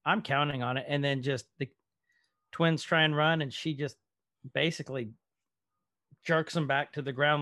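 A podcast co-host with a mid-range, slightly bright voice casually recaps a TV episode, rambling with lots of ums and trailing asides. The recording is dry and clean, with studio sound.

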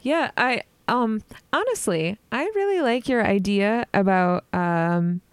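A woman's voice: mid-range voice, animated, takes it slowly, clear, resonant tone, no room sound. Teasing woman on a dry close mic. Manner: chatty, teasing. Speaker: podcast co-host. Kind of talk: casual chat.

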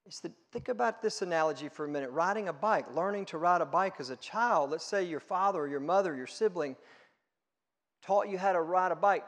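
A middle-aged male pastor preaching a sermon, emphatic and swinging between hushed and loud delivery. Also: fairly high pitch, lively intonation, a little fast, in a large hall.

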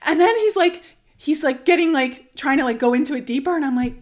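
A young adult woman earnestly recounting a personal experience on her channel, animated and full of "like" fillers. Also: high-pitched, brisk. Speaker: channel host sharing a personal story. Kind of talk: emotional personal storytelling.

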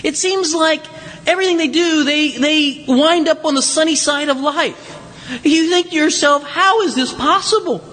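A man with a northern American accent preaches from the pulpit in an easy, conversational way, with his voice sitting high and lifting further on his questions. The sermon rings out through a large sanctuary with a long reverb tail. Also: a little slow, pushed and bright. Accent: northern American, Yankee. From northern United States. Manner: conversational, self-deprecating, pitch swings up on questions. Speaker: pastor. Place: church sanctuary.

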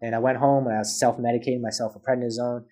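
A man's voice: medium pitch, level tone, fast talker, mellow. A man as a podcast guest, telling a personal story in casual chat and acting out both sides of past conversations.

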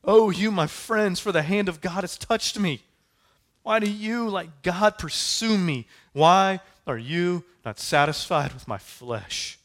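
A man's voice: high voice, slow pace, a bit bright, voice pushed up, exaggerated voice. A man voicing a suffering, desperate man who pleads passionately and insists on his innocence. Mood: pleading. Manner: impassioned, pleading, repetitive cries.

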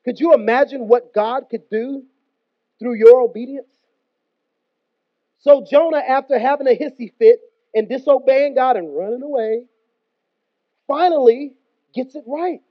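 A man's voice: very high voice, a little slow, pauses often, no room sound. A man preaching a sermon in an emphatic, conversational way with slangy asides. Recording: dull, dry close recording.

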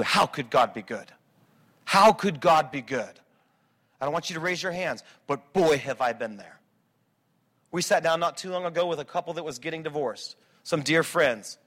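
A man preaching a sermon as a pastor, swinging between quiet reflection and loud, driving emphasis. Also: a little high.

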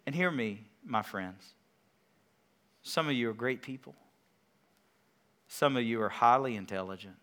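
A man preaching a sermon as pastor, moving between quiet, conversational teaching and loud, emphatic declarations. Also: mid-range voice, expressive, unhurried, long pauses.

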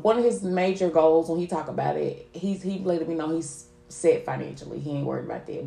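A woman co-host telling stories in a casual podcast chat, candid and slangy. Her voice sits a bit low. The room around her is echoey. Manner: candid, animated storytelling with slang.

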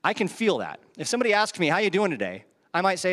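Male pastor, high and expressive voice, chatty sermon delivery with rhetorical questions, long reverb from the hall. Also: fast talker, few pauses. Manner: conversational preaching, rhetorical questions, chuckles at own asides. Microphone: handheld microphone.

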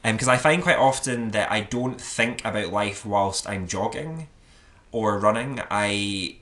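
A man co-hosting a podcast, chatting in an animated way, laughing often and using lots of fillers. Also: fairly low pitch, unhurried. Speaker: podcast co-host. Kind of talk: casual chat.

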